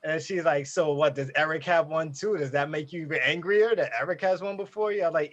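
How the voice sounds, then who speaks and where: A man co-hosting a gaming podcast, telling a story in an animated, casual way with plenty of swearing. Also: fairly high pitch, fairly quick, few pauses. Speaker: podcast co-host. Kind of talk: casual chat. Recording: dull lo-fi audio.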